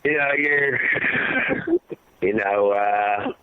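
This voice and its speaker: A man, a grieving father, telling his story in an impassioned, rambling way, his voice sinking low and heavy at the hardest parts. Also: wildly swooping pitch, extremely slow, smooth, no echo. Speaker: guest, father of a fallen soldier. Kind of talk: emotional storytelling interview. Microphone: phone call. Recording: tinny phone line, dry.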